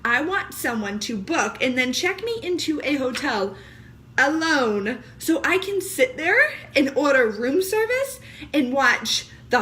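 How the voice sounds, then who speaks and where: A vlogger in her thirties with young kids talks casually to the camera, animated and joking, laughing often. Her voice sits high, and there is slight background noise.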